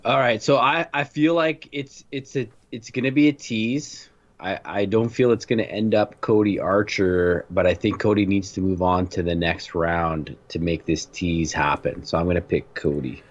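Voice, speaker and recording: A man co-hosting a casual wrestling podcast, speaking in a measured way as he thinks aloud. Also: low-pitched. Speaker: podcast co-host. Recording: dull lo-fi audio.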